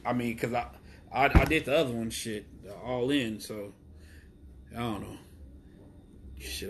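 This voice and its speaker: A man hosting a wrestling show alone, ranting in a rambling, profane, excitable way with lots of fillers. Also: medium pitch, a little hiss or hum. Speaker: wrestling podcast host. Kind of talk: solo casual rant.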